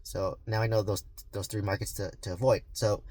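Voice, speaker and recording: A man's voice: lowish voice, fairly even intonation, a little fast, darkish tone. A man vlogging about real estate investing, talking earnestly and rambling with many fillers and restarts. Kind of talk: casual vlog talk to camera.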